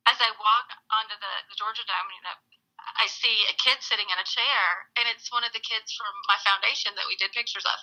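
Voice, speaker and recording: A woman's voice: medium pitch, steady tone, brisk, pushed and bright, lo-fi sound. A woman in her thirties, a guest in an interview, telling stories animatedly, acting out the people she quotes and laughing often. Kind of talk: casual storytelling interview.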